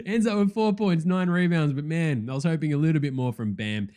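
Excitable, foul-mouthed man, higher voice. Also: moderate pace. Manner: excitable, profane and joking, swings loud and soft. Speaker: podcast host. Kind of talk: casual sports chat.

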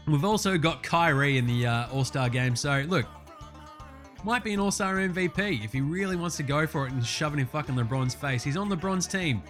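An Australian man hosting a casual sports chat, excitable and full of profane, matey banter. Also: fairly high pitch, a little fast, faint music behind. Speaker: sports show host.

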